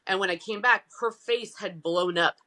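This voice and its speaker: A woman founder of a nonprofit, telling a personal story in a casual interview, animated and acting out the voices she quotes. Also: mid-range voice, normal speed. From United States.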